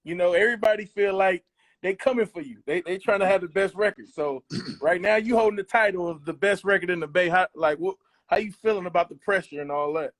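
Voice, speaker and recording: High-voiced male co-host, halting questions. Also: a bit bright. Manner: hesitant, repeating words. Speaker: podcast co-host. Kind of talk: casual interview chat.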